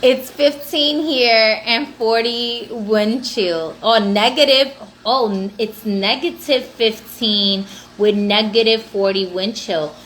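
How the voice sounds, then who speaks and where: Woman livestream host, higher register, loose and profane, laughs often, faint background noise. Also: takes it slowly, fairly bright tone. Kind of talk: casual livestream chat.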